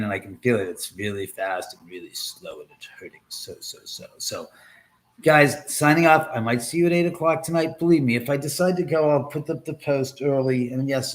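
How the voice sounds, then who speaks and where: A man's voice: medium pitch, fairly quick, fairly bright tone. A man hosting a casual livestream from his home, rambling and joking crudely with viewers and laughing often. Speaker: livestream host.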